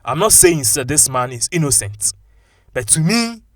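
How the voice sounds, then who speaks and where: Ghanaian guy ranting commentary, switches in and out of local language, higher voice, dry. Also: moderate pace, no room sound. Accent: Ghanaian English. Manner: animated, mixes local language into English. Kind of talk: opinionated commentary vlog.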